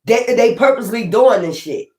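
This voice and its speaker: Animated and a little high-pitched with a darkish tone, this tarot reader moves at a moderate pace through a casual spiritual reading. She curses frequently and hammers her points home by repeating them, and the room sounds echoey.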